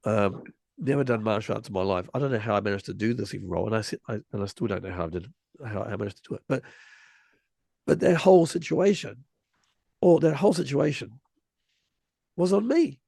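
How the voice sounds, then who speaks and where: A man's voice: lowish voice, quick pace, vocal fry, a little mellow, slightly rough, no room sound. A man in his forties telling a story in casual conversation, rambling with many restarts and vivid retelling. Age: 40s.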